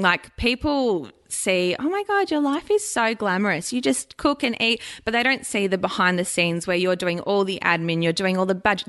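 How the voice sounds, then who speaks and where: A woman, a nutritionist and blogger chatting as a guest, expressive and quick to laugh. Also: medium pitch. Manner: chatty, expressive, laughs often, animated quoted asides. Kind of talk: casual interview chat.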